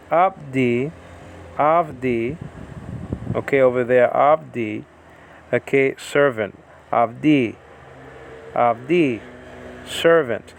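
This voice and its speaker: A man teaching a Bible lesson in a halting, informal way, with many fillers as he sounds out Hebrew and Greek words. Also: mid-range voice, creaky, a little hiss or hum. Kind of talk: informal scripture study.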